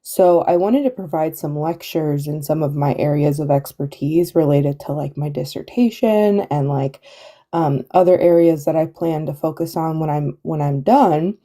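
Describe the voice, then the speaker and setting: A woman's voice: low-pitched, normal speed, warm tone. A woman who is a therapist, calling in to a live stream with a headache, talking in a hesitant way with many fillers and restarts. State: has a headache. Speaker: guest caller. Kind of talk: casual live-stream chat.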